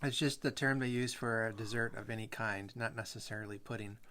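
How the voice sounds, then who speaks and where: A man's voice: fairly low pitch, fairly even intonation, a little fast, fairly bright tone. A man hosting a podcast, chatting in an easygoing, chatty way with small hesitations. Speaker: podcast host. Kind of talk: casual chat and show announcements.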